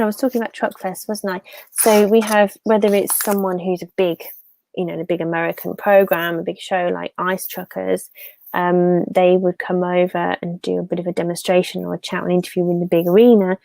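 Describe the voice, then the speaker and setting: A woman's voice: medium pitch, gravelly, mellow, no room sound. A woman from the Fens in England with an English accent, hosting a live stream and chatting casually, rambling as she reads out viewer comments. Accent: English, Fenland.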